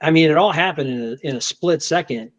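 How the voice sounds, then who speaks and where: A man's voice: on the high side, a little fast. Man telling a tense field story. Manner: animated, restarts often, acts out shouted quotes. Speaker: federal agent telling a story. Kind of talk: conversational storytelling. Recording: dull lo-fi podcast audio.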